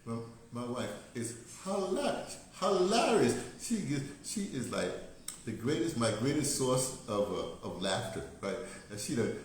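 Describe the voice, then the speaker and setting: A man's voice: mid-range voice, a little hiss or hum. Rambling older man in an echoey room. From United States. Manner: digressive, laughing, many restarts. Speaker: vlogger. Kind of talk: rambling casual monologue.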